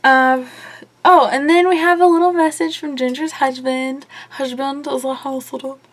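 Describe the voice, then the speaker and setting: A woman's voice: high-pitched, fairly even intonation, moderate pace. A young woman vlogging a casual TV episode review, chatty and opinionated with lots of fillers. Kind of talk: casual chat.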